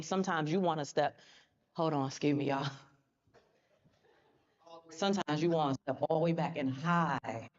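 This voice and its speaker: A motivational speaker on a conference stage, a woman with a deep voice, addresses the audience directly in an emphatic, colloquial way. The recording sounds muffled.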